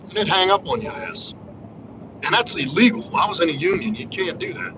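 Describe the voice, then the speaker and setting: A man's voice: high voice, expressive, brisk. A man hosting a casual livestream monologue, talking in a blunt, profane, preachy way. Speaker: livestream host. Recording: muffled lo-fi audio with background noise.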